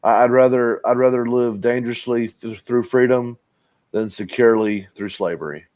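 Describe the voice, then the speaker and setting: A man's voice: mid-range voice, fairly even intonation, moderate pace, darkish tone. A man, a guest streamer in a casual podcast chat, laid-back and crude, promoting his channels. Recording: dull lo-fi audio.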